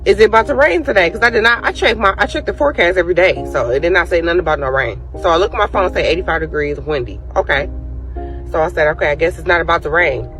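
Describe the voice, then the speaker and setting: A man in his parked car, telling an excited personal testimony in a rushed, animated way. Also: high-pitched, faint music behind.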